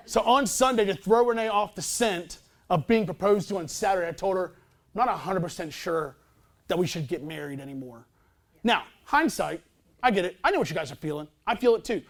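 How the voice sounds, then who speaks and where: A man's voice: high voice, lively intonation, a little fast. A man in his thirties, a pastor telling a personal story in a sermon, talking in a casual, chatty, self-deprecating way.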